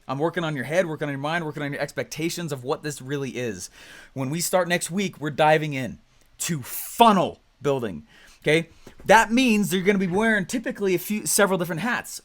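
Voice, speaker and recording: A young man with a slightly high voice gives an energetic coaching session to online members. He talks quickly and with animation, and at times he acts out excited or furious clients.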